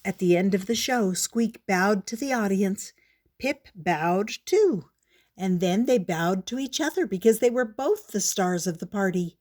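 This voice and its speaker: An older woman reading a children's picture book aloud in a gentle, measured storybook manner. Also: mid-range voice, expressive.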